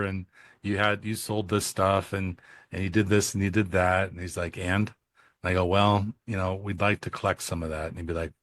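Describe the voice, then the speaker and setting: A man's voice: fairly low pitch, dry recording, clean studio sound. A man co-hosting an accounting podcast, talking casually and acting out client phone calls as he tells stories. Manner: animated storyteller who acts out dialogue. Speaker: podcast co-host and accounting coach. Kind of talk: casual conversational podcast talk.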